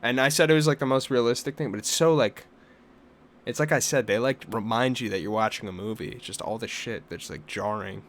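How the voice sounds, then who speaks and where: This young man co-hosts a podcast, speaking briskly in a mid-range voice. The chat is casual and profane, full of lively stories and rants.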